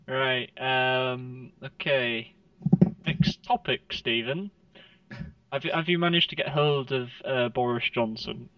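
A man's voice: medium pitch, slow, bright, forceful tone, clear, resonant tone, no echo, dull audio, soft background music. A man co-hosting a casual podcast, bantering and laughing often between remarks. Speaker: podcast co-host. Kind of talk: casual chat.

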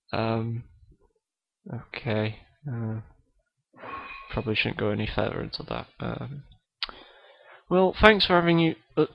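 A man hosting a comedy podcast interview, talking hesitantly with lots of ums and pauses. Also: mid-range voice, gravelly. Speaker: podcast host. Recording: dull lo-fi recording.

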